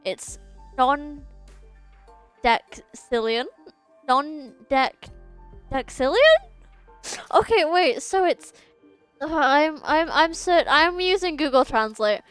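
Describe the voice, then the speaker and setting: Young woman streamer, high voice, trips over big words, faint game music behind. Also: animated, slow, no echo. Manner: chatty, stumbles over long words, laughs at herself. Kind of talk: casual chat while reading game dialogue aloud.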